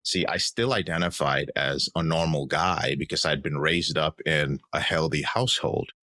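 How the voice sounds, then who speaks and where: A man's voice: rumbling low, normal speed, sharp tone, no room sound. A man in his thirties, a podcast guest, telling his personal story in an earnest, reflective way. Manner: earnest, reflective, acts out quoted voices.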